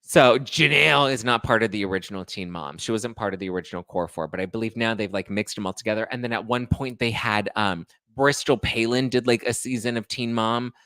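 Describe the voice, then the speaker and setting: A man with a fairly low voice hosts a gossip show in a loose, chatty style. He scatters fillers through his talk and drops sarcastic asides. The sound is dry and close-miked. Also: brisk, few pauses, a bit bright, clear, resonant tone, dry recording. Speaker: pop culture podcast host. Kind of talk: casual gossip commentary.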